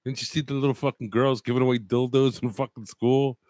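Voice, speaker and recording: A man co-hosting a podcast, trading crude, profane comedic banter and mocking drawn-out repetitions. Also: medium pitch, fairly even intonation, darkish tone, dry recording. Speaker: podcast co-host.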